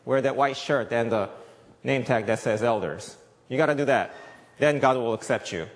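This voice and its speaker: A man's voice: mid-range voice, normal speed. A male pastor preaching a sermon, emphatic, repeating key points and asking the audience questions. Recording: long echoey reverb.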